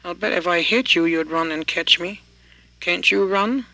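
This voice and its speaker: A man's voice: high-pitched, normal speed, creaky, pushed and bright, no echo, exaggerated voice, low-quality recording. A man voicing a cheeky, bold young man in a folk tale, teasing and challenging. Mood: taunting.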